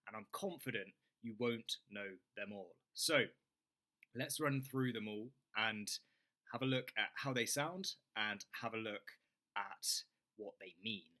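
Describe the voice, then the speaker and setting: Slow, bright-voiced tutor man. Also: on the low side. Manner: slow, clear model phrases for learners to repeat. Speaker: English tutor. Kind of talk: online English lesson.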